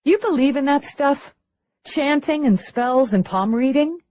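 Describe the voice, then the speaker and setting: A woman's voice: high voice, lively intonation, a little slow, darkish tone, dry recording, pitched above the performer's own voice. A woman reading an audiobook, voicing a blunt, skeptical female police lieutenant. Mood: dry, skeptical. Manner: dry, blunt, matter-of-fact.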